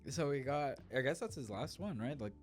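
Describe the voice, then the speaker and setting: A man's voice: medium pitch, moderate pace, soft background music. Laid-back man chatting with friends. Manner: relaxed, laughs often, trails off mid-sentence. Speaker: podcast co-host. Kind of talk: casual chat.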